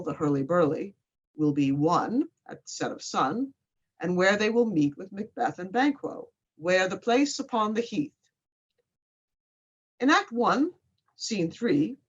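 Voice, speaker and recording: A woman's voice: fairly low pitch, breathy edge. A woman professor giving a pre-show lecture, with dry, wry asides. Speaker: literature professor. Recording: slightly muffled lo-fi recording.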